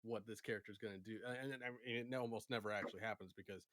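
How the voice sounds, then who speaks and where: A man co-hosting a casual podcast and game master, talking in a relaxed way with many fillers. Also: on the low side, fast, dry recording. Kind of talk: casual chat about tabletop games.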